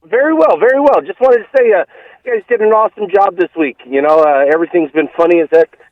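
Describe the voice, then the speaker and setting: A chatty male caller rambles through shout-outs with lots of fillers. His slightly high voice comes through a muffled phone line, dry and close. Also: fast, dry recording.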